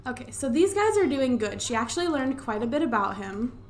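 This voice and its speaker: A young woman with a slightly high voice chats her way through a life-sim game, excitable and quick to swear. She talks into a desktop microphone at home, with faint keyboard tapping behind her. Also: slight background noise. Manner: chatty, excitable, swears casually. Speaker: let's play gamer. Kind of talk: casual gameplay commentary. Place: home room. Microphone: desktop USB microphone.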